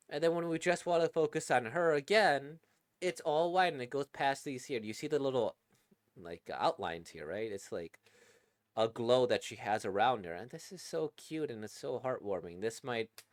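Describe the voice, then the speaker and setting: A man's voice: medium pitch, dry recording, clean studio sound. A man giving casual, chatty commentary while reading a manga, enthusiastic and full of fillers. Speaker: manga reaction creator.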